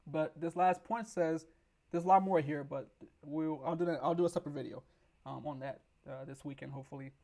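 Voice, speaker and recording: A man hosting a stock market video, hoarse from losing his voice, rambling with restarts as he reads news aloud and explains it. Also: a little high, steady tone, brisk, darkish tone. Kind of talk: casual explainer with screen reading.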